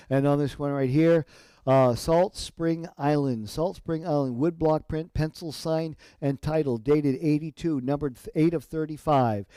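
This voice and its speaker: A man's voice: medium pitch, dark tone, clean tone, no room sound. A man working as an auctioneer, calling bids at a live auction in a rhythmic, repeating patter and describing each lot. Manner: rhythmic rapid bid calling with repeated numbers. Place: auction gallery.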